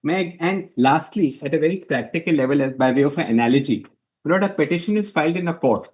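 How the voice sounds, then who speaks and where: A man pleads his case in a formal courtroom argument. He is deferential and methodical, addressing the judges as my lord. His voice sits somewhat high. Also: fast, a little mellow. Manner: deferential, addresses the bench as my lord, numbered points. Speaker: advocate arguing before a court.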